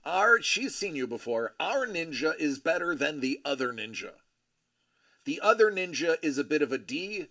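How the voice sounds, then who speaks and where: Bright, lively man hosting a stream. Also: fairly high pitch, normal speed. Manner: reads viewer comments aloud and chats with them. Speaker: live stream host. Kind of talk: casual live stream chat.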